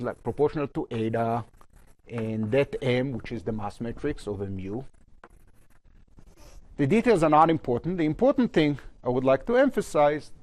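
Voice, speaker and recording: A man giving a university physics lecture at a blackboard, his phrases often trailing off low at the end. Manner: lively pitch, trails off low at phrase ends. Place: lecture hall.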